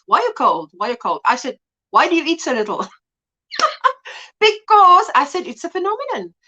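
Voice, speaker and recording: A woman's voice: high-pitched, bright, forceful tone. A woman hosting a casual crochet livestream, chatting and teasing, greeting viewers by name. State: a little out of breath. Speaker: livestream host. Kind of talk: casual live chat while crocheting.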